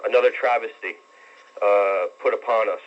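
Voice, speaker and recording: Earnest young male radio caller. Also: fairly low pitch. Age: 20s. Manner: earnest, rambling, halting. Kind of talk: phone-in talk radio. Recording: dull lo-fi radio broadcast.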